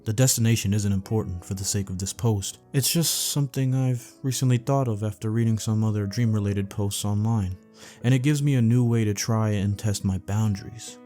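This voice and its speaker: A man calmly narrating a first-person dream story for sleeping, in a steady, low-key way. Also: brisk. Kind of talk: calm bedtime story reading. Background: faint background music.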